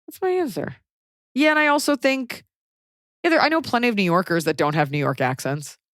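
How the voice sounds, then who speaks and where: A woman's voice: medium pitch, big pitch swings, brisk, fairly bright tone, no room sound, clean studio sound. A woman from Texas with a light Texan accent, hosting a podcast in casual, rambling chat full of fillers. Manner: chatty, lots of likes and fillers. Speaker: podcast host.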